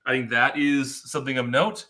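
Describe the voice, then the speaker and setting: A man's voice: mid-range voice, normal speed. A man co-hosting a live whiskey tasting, talking in casual, joking banter. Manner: joking, animated and talkative.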